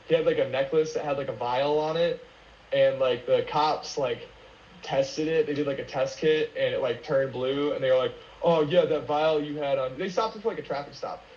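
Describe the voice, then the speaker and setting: A man's voice: on the high side, moderate pace, a little mellow. A man talking casually on a podcast as a guest, rambling with lots of fillers and swearing. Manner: rambling, many fillers, profane. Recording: roomy lo-fi with faint noise.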